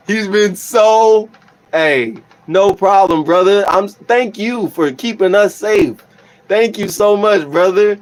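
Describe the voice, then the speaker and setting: A man's voice: high voice, takes it slowly, rough recording. Grateful young man chatting on a livestream. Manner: reads chat aloud, grateful and emotional, many restarts. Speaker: livestream host and musician. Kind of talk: casual livestream chat.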